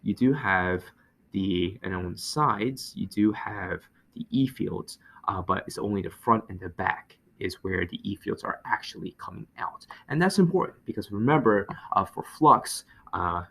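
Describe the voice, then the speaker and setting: Man, physics teacher, low voice, gravelly, lots of fillers and self-corrections. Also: animated, moderate pace, a bit bright. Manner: thinks aloud with many fillers and self-corrections. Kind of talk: lecture over a whiteboard.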